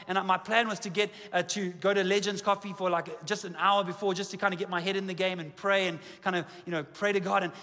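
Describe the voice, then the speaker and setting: A South African man in his forties preaches to a church, his voice high and bright as he mixes jokes about himself into the message. He speaks from a stage in a big auditorium, and a long hall reverb trails each line. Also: quick pace, few pauses. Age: 40s. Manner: humorous, self-deprecating storytelling, lively. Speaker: pastor. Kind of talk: sermon.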